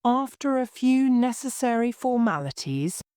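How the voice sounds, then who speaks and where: A woman's voice: on the high side, big pitch swings, a little mellow, clear, resonant tone, dry recording, clean studio sound, voice pushed up. Woman reading old lawyer gent, polished and formal, takes his time. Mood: patient. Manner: careful, polished, slow explaining.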